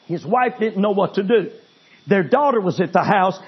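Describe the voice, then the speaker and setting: A man preaching a sermon, telling a story dramatically and swinging between loud intensity and hushed pleading. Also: sits high, animated, moderate pace, husky, muffled recording.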